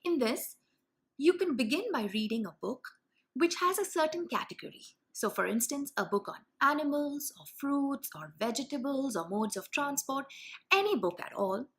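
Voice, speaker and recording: A young woman teaching early reading skills to parents and teachers. Her voice sits a little high and moves a lot in pitch. She explains clearly and stretches out the example words. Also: very animated, a bit bright. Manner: clear, carefully paced explanation with drawn-out demonstration words. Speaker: teacher and channel host. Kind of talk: instructional video for parents and teachers.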